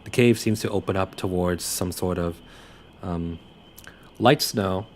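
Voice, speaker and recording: Young male game master, very low voice, halting narration full of fillers, faint noise behind.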